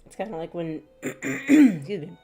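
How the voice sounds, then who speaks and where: A woman's voice: medium pitch, very animated, a little slow, warm tone, slightly rough, faint music behind. A woman streamer in casual, rambling chat with her viewers, a little stuffy from allergies and laughing often. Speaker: gaming streamer.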